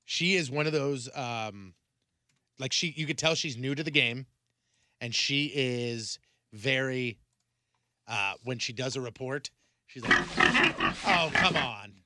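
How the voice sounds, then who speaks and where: A man's voice: medium pitch, measured pace, pauses often, bright, forceful tone, slight background noise. A man co-hosting a casual radio talk show, rambling chattily and imitating people he describes. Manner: rambling, chatty, mimics people he talks about. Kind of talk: casual chat.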